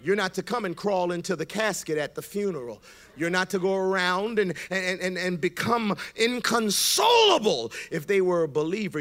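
A man preaching a sermon, building from quiet explanation to shouted emphasis with call-and-response. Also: sits high.

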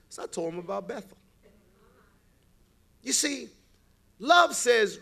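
Gravelly provocative male pastor preaching. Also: high voice, expressive, unhurried, long pauses, bright, forceful tone. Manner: provocative preaching, acting out quoted voices. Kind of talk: sermon.

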